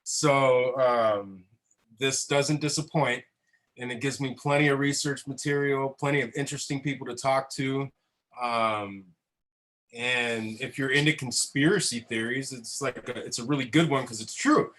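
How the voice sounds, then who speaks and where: A man's voice: medium pitch, fairly even intonation, moderate pace, fairly bright tone, poor audio. Laughing, profane man. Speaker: veterans council member. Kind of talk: casual roundtable chat.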